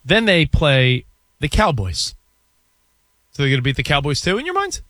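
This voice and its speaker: A man co-hosting a sports radio show, chatting in an animated, excitable way and running through a team's schedule. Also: on the high side, normal speed, dry recording. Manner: animated, jumps between excited bursts and asides. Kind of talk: casual sports talk banter.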